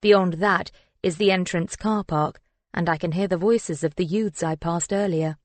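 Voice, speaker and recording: A woman narrating a first-person thriller audiobook in a measured, reflective storytelling manner. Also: lowish voice, steady tone, no echo.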